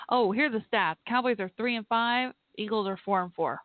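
A woman's voice: a little high, fairly quick, no room sound. A woman hosting a casual podcast, chatty and laughing often as she talks back at a football game. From Texas. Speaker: podcast host. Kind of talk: casual live-stream chat. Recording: tinny phone-like line, dry.

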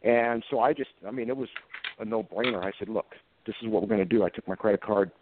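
Earnest fifty-something cop telling a story, low-ish voice, sounds like a tinny phone line. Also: male voice, fast talker, background noise. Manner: earnest, plain-spoken, emotional when recalling events. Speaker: police officer guest. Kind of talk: anecdotal storytelling in conversation.

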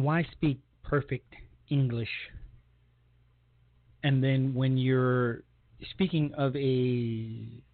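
A man's voice: mid-range voice, no echo. Sarcastic male talk show host, phone-thin. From Puerto Rico. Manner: rambling, sarcastic, many fillers. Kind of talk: opinion talk show monologue. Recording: dry, phone-like sound.

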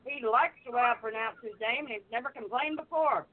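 A woman's voice: fairly high pitch, a little fast. Flirty Southern woman, phone-like audio. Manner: flirty, playful. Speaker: wrestling manager guest. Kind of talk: casual interview. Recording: phone-like narrow sound.

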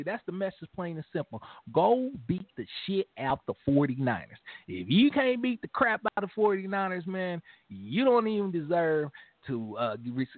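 A brash, swaggering man co-hosts a football talk show, his high voice leaping up and down as he trash-talks. The sound is dry and tinny, as if over a phone line. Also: no room sound. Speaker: co-host, the player. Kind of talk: casual sports talk.

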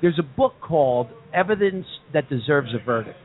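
Guy hosting a talk show from a pub, preachy and earnest, kinda high voice, sounds like it's over a phone line. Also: animated, moderate pace. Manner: earnest, preachy, repeats himself. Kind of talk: casual bar-room talk show chat.

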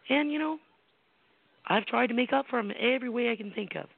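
A middle-aged American woman from the United States, a psychic medium hosting a call-in show, speaks in a slightly high, slightly rough voice with lively intonation, vocal fry, a moderate pace, and long pauses. She tells personal stories bluntly and emphatically, using salty language and rhetorical questions. The recording has a tinny phone-line quality and is dry, with no echo.

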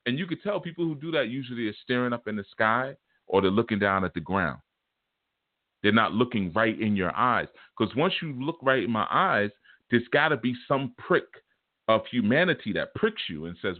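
A man's voice: medium pitch, big pitch swings, moderate pace, no room sound. A man, talking as a spiritual teacher in a loose, conversational way that keeps coming back to "you know". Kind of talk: casual spiritual talk. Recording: tinny, phone-like, very dry.

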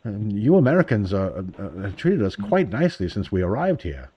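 A man's voice: lowish voice, sing-song, normal speed, breathy edge, no room sound, dull audio. A man imitating a courteous, apologetic male British police officer with a put-on British accent. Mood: polite.

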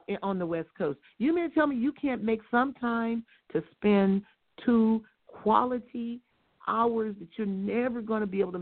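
Emphatic woman preaching over a phone line. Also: fairly high pitch. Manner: emphatic, rhetorical questions; animated, rising to near-shouted stresses. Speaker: guest speaker. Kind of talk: preachy religious talk-show teaching.

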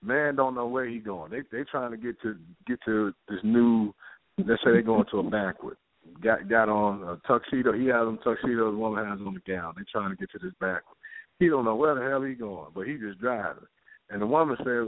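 Animated storytelling man over a tinny line. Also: mid-range voice, fairly quick, gravelly, dry recording. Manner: animated storyteller, acting out quoted characters. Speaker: guest playwright. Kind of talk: casual talk show chat. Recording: tinny phone-line audio.

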